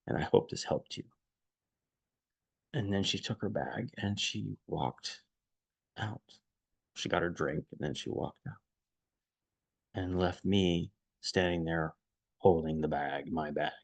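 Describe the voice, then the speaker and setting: A man's voice: low-pitched, vocal fry, no echo, rough recording. A man telling a friend a personal story in a casual, rambling way, stopping and restarting as he searches for words. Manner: rambling and halting, with many restarts.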